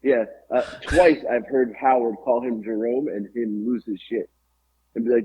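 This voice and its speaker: A middle-aged man tells loose, profane anecdotes in a husky, breathy voice, full of fillers and restarts. The recording is a little dull and lo-fi. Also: medium pitch, fairly even intonation, normal speed. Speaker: podcast co-host. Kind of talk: casual storytelling chat.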